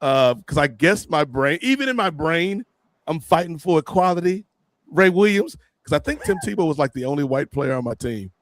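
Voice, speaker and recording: A man hosting a podcast, telling a long comic story in an animated, joking way and calling his co-hosts by name. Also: on the high side, normal speed, no room sound. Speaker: podcast host. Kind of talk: casual comedic storytelling.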